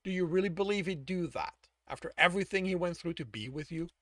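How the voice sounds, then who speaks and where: A man voicing a calm captor figure who quietly questions a prisoner. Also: sits high, fast talker, no room sound, clean studio sound.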